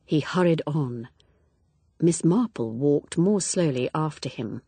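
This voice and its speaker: A woman narrating a mystery novel in a measured, expressive storytelling voice. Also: deep voice, breathy edge, no room sound. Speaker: audiobook narrator. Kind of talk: scripted narration.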